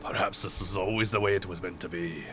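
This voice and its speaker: A man voicing a gruff male demon warrior with a put-on Scottish accent, deep and gravelly, strained in the throat. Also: steady tone, quick pace, fairly bright tone, soft background music. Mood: solemn.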